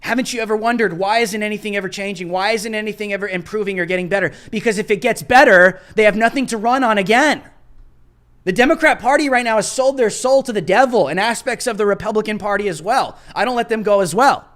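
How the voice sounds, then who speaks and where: High-pitched guy ranting on his live show, sarcastic and worked up. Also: fast talker, fairly bright tone. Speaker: host. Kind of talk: live political commentary monologue.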